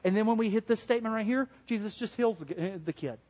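A high-voiced man preaching an interactive sermon. He talks in a conversational way, asks the room questions and acts out quoted voices with big jumps. His voice rings with a long hall reverb. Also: fast talker, darkish tone. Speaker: pastor.

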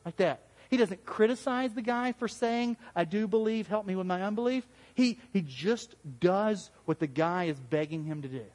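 High-voiced man preaching in a hall. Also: animated, normal speed, hardly any pauses, a little mellow. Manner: conversational, asks the congregation questions; acts out quoted voices with big pitch jumps. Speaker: pastor. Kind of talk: interactive sermon.

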